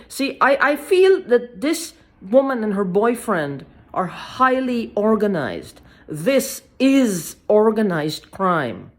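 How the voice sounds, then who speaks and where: A woman with a medium-pitched voice delivers an agitated personal video monologue. She speaks haltingly and repetitively, swearing frequently and repeating phrases.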